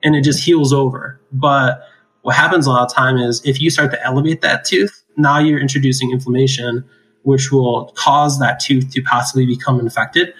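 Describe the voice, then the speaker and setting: A man's voice: mid-range voice, fairly even intonation, normal speed, fairly bright tone, rough recording. A man who works as an oral surgeon, explaining extraction cases in a casual chat, laughing often and tagging his points with "right?". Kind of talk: casual clinical discussion.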